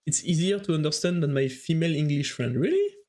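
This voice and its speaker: A man's voice: fairly high pitch, big pitch swings, dark tone. A man with a French accent, French his first language, doing live chatty commentary on a strategy game while answering his viewers. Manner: chatty, thinks aloud, quick reactions to the match. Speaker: esports caster and streamer.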